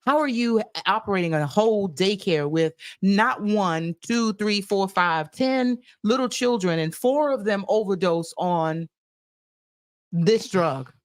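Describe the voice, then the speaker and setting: A woman's voice: mid-range voice, takes it slowly, dry recording. Chatty woman podcast co-host, dry sound. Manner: chatty, laughs often, grows animated. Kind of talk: casual chat.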